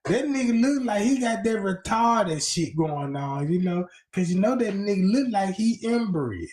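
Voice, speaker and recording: A man's voice: high voice, animated, a little mellow, echoey room. A man hosting a livestream, giving crude, mocking, profane commentary. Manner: mocking, profane, drawn-out delivery. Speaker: livestream host.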